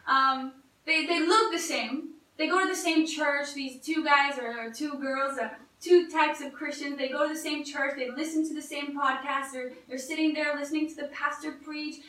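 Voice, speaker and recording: A woman's voice: high voice, fairly even intonation, normal speed, sharp tone. A woman preaching a sermon in an earnest, conversational way, often restarting her phrases. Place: church. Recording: echoey room, voice from a distance.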